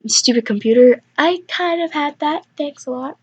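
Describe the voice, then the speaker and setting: A teenage girl hosting a student radio show, reading slowly and tripping over the words, with self-mocking asides. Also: high-pitched, lo-fi sound, noisy background. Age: teens. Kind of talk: reading a script in mock Shakespearean English, with bloopers.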